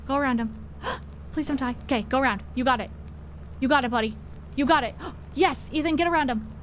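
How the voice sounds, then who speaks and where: A young woman with a high, bright-pitched voice calls out directions to her friends during a spooky co-op game. She is excitable and foul-mouthed, and cheers loudly when things go right. A faint hiss sits under her voice. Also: brisk. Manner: excitable, swears freely, coaches teammates. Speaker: streamer playing a co-op horror game with friends. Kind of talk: live gameplay commentary.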